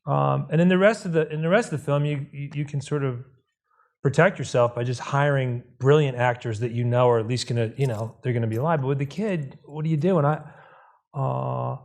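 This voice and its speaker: A man's voice: mid-range voice, brisk, vocal fry. A man on a panel telling a rambling story, often breaking off and restarting. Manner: rambling, self-interrupting, animated. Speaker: film director, panelist. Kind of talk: panel discussion.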